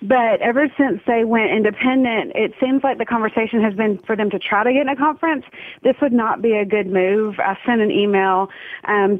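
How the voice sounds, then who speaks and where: A woman's voice: mid-range voice, no echo. A woman, calling in to a radio show and explaining her point earnestly. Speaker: caller. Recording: tinny phone line.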